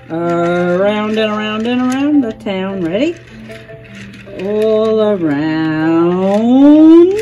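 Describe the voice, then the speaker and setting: A woman's voice: a little high, dark tone. A woman narrating toy play for toddlers in a sing-song voice, with exaggerated gasps and lots of repetition. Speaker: children's toy play presenter. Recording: music playing under the voice.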